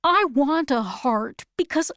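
Lady reading as a sad soft tin man, slow and plain, dry close sound. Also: high-pitched, expressive, no room sound, voice pushed up, heavily acted. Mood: wistful. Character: gentle, sad tin man who longs for a heart.

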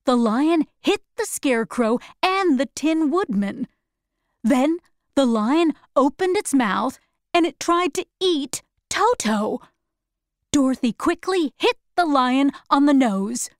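Slow, expressive woman reading a storybook. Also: high-pitched, dry recording, studio quality. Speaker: narrator. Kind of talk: scripted storybook narration.

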